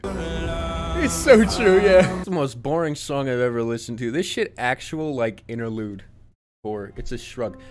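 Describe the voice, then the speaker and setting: A young man streaming casual music reaction commentary, profane and incredulous, often breaking into loud outbursts. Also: mid-range voice. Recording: song playing faintly behind.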